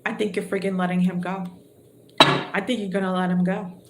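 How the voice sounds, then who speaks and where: A woman's voice: medium pitch, level tone, moderate pace, echoey room, very noisy. Chatty woman giving a tarot reading. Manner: chatty, thinking aloud, exclamatory. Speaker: tarot reader.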